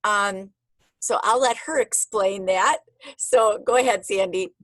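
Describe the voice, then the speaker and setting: A woman's voice: medium pitch, slow pace, fairly bright tone, no echo, low-quality recording. A woman hosting a casual video call, chatty and openly emotional with her guests. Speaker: host.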